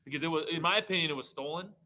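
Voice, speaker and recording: A state representative, a man, argues heatedly as an interview guest, his emphasis climbing into indignation. He speaks very fast in a sharp voice on the high side, captured on a low-quality recording.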